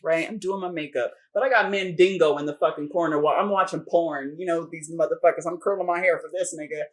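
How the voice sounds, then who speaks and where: A middle-aged woman talking in a casual podcast chat, blunt and full of swearing, speeding up when she gets worked up. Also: fairly low pitch. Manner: blunt, profane and animated, fast bursts. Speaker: podcast guest.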